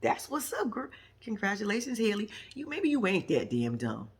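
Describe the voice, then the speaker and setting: Woman vlogger with AAVE speech, sassy recap talk, lively swooping pitch, slightly husky. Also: normal speed. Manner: sassy, animated storytelling with acted-out quotes and laughs. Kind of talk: casual reality show recap.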